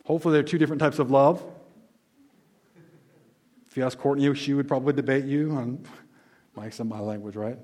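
A man preaching a sermon as pastor, conversational, explaining words and restating them, dropping soft on key lines. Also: medium pitch, fairly quick, pauses often, breathy edge.

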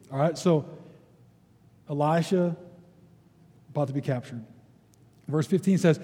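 A male pastor giving a sermon, reading scripture aloud and then retelling it in relaxed, conversational terms. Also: a little high, unhurried, pauses often, breathy edge, big-room sound. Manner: reads scripture, then retells it in casual everyday speech. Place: church sanctuary.

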